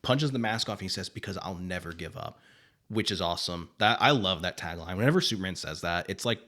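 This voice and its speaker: A man's voice: sits low, fast talker, pushed and bright. A man co-hosting a podcast, retelling a comic book story in a rambling, profane, filler-heavy way. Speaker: podcast co-host. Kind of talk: casual comic book recap.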